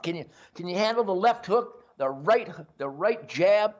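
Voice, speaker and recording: A man's voice: high-pitched, lively intonation, moderate pace, hardly any pauses, dull audio. An older man hosting a show, talking in a brash, boisterous rambling monologue. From Detroit area. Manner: boisterous, brash, self-promoting. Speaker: host. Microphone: earpiece.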